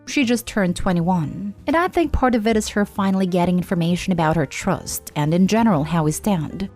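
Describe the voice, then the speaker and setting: Low-voiced woman reading a post. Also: lively intonation, fairly quick, a little mellow, soft background music. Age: 20s. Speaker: storyteller. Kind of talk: reading an online advice post.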